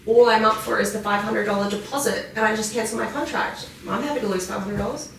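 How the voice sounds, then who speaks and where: An Australian woman and mortgage broker telling a lively anecdote in casual podcast chat, acting out the people in her story. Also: mid-range voice, quick pace, vocal fry, a little hiss or hum. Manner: lively storyteller who acts out the other people in her stories. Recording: echoey room, distant mic.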